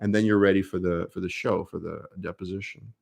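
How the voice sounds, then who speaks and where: A man's voice: deep voice, steady tone, a little fast, creaky, a little mellow. A man with a New York accent, a lawyer answering viewer questions on a casual live stream, speaking conversationally with many fillers.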